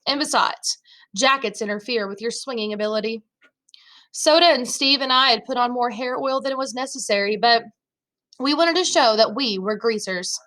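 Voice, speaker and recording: A woman's voice: a little high, normal speed, a bit bright. A woman, a teacher, reading a novel chapter aloud in the first person, voicing the dialogue in her own voice.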